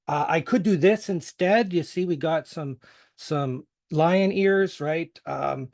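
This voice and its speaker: A middle-aged man with a mostly American accent that still carries a faint trace of Western Pennsylvania. His voice sits a little high for a man, and he talks in a loose, self-deprecating way, full of ums and asides. He hosts a history podcast and is presenting a casual conference talk. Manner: joking, self-deprecating, many fillers.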